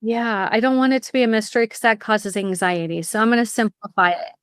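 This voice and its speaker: A middle-aged woman speaking as a podcast guest, telling stories with lively energy and explaining her services in bursts. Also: fairly high pitch, clean tone, no room sound, clean studio sound. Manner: lively storyteller, fast bursts when explaining. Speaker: guest, college admissions consultant. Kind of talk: casual interview chat.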